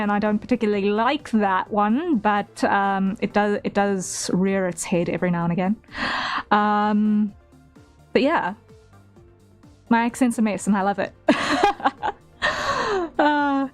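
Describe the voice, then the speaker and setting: A woman with a South African accent blended with British, chatting casually on a livestream while she draws, laughing often and making self-deprecating asides. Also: mid-range voice. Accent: South African mixed with British. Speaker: artist streamer. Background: faint background music.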